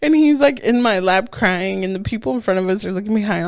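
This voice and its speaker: A woman's voice: medium pitch, fairly quick, no echo. A woman co-hosting a podcast, telling stories in casual chat and acting out the quotes. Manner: animated storyteller, acts out quotes. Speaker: podcast co-host.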